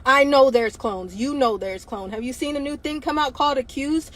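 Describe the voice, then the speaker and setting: A woman's voice: sits high, normal speed, a bit bright, poor audio. A woman hosting a livestream, talking bluntly and emphatically, firing off repeated rhetorical questions with some profanity. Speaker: livestream host. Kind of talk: impassioned livestream monologue.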